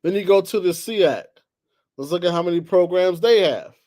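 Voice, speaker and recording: Male sports talk host with a high voice, ranting in heated, exasperated bursts. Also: normal speed. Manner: heated, exasperated, swings between loud outbursts and low muttering. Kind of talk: animated solo sports talk.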